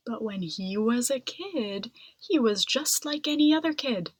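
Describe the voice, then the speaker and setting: A woman reading a children's picture book aloud in an expressive, dramatic way. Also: a little high, unhurried, hardly any pauses, no echo. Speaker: storybook reader. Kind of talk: children's storybook read-aloud.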